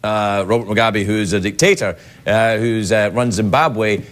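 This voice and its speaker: A man's voice: lowish voice, steady tone, normal speed, a bit bright. A middle-aged Scottish man giving a rambling, playful comedic monologue as a late-night talk show host. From Scotland. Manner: rambling, self-interrupting, playful. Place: television studio with live audience.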